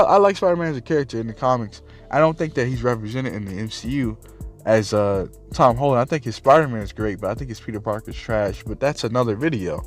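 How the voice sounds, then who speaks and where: A man ranting about a film in a heated, rambling way, swearing often and filling gaps with "you know" and "like". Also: mid-range voice. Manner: heated, profane, rambling with many fillers. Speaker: movie ranter. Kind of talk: casual unscripted rant.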